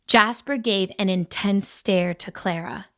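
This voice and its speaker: A woman narrating a young adult fantasy audiobook in an even, measured reading. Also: mid-range voice. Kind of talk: scripted narration.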